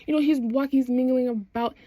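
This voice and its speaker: A woman's voice: high-pitched, fairly even intonation, fast talker, no echo, dull audio. A young adult woman in casual chat, recapping a TV show with slangy phrasing and frequent laughs. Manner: chatty, slangy, laughs often while recapping. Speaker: vlogger.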